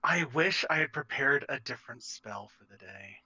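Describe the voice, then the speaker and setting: Very bright, lively male player. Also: medium pitch, normal speed, poor audio. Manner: playful, laughing reactions. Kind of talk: casual tabletop play.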